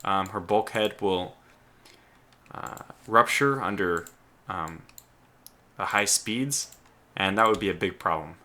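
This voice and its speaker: A man's voice: low voice, takes it slowly, pauses often, sharp tone. A man doing gameplay commentary, thinking aloud with stumbling restarts and sudden exclamations, keyboard clicks behind him. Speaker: let's play host.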